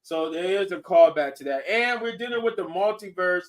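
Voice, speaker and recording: A man hosting a podcast in casual chat, excitable and laughing often, restarting his sentences as he talks. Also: sits high, normal speed, far from the mic. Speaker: podcast host. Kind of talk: casual chat reviewing shows and movies.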